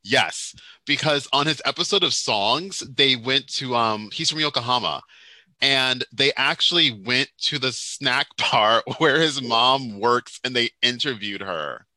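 A man's voice: mid-range voice, measured pace, dry recording, rough recording. A man co-hosting a podcast, chatting casually in a teasing, rambling way. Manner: animated, teasing, rambling with fillers. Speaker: podcast co-host. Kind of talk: casual chat.

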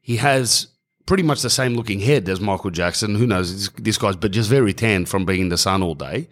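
Aussie bloke doing a solo podcast rant, swears a lot, keeps saying bro. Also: male voice, lowish voice, a little fast. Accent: Australian. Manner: opinionated, swearing, calls listeners bro. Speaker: podcast host. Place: hot small room indoors.

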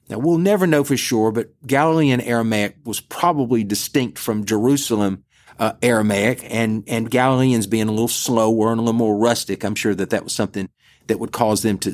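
A middle-aged man, a priest giving a podcast Bible teaching in a conversational storytelling manner. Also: on the low side. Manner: conversational storytelling, relaxed asides.

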